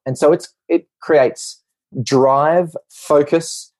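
A man, a doctor guest on a podcast, explaining a topic in lively talk and acting out quick little voices in his examples. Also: fairly high pitch, dry recording.

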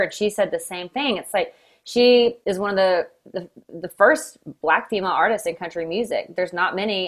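A woman hosts a relaxed interview conversation. She speaks earnestly and affirms what her guest says, in a natural, everyday voice. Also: mid-range voice. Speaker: interviewer, host. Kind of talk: casual interview chat.

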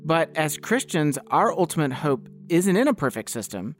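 A man from the United States giving calm, reflective devotional narration. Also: on the high side, moderate pace. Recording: voice-over over clear guitar music.

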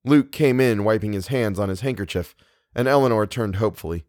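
Storybook narrator dude, measured reading, super dry mic. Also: male voice, lowish voice, a little mellow, no room sound. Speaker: audiobook narrator. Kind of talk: scripted narration.

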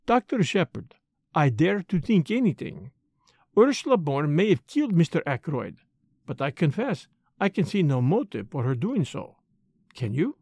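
Fussy older detective, excitable and exacting, put on by a male audiobook reader; dry, close sound. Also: on the high side, moderate pace, breathy edge, dry recording, full character voice. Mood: probing. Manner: precise, emphatic, muttering to himself. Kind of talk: audiobook character voice.

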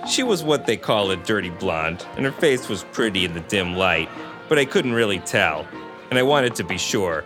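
A man's voice: on the low side, normal speed, music in the background. A man co-hosting a podcast, reading a hard-boiled novel aloud and breaking off to comment and laugh. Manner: animated, laughs often. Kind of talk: book reading with casual commentary.

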